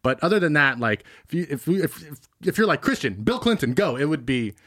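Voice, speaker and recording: A man co-hosting a podcast, joking and teasing in quick casual asides. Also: on the high side, sing-song, a bit bright. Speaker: podcast co-host. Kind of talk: casual banter.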